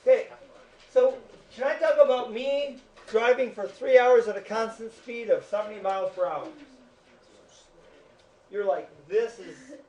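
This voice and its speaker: Male teacher, high voice, lecturing a class in a chatty, joking way, echoey room, far-off mic. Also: moderate pace, darkish tone, dull audio. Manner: chatty, jokes with students.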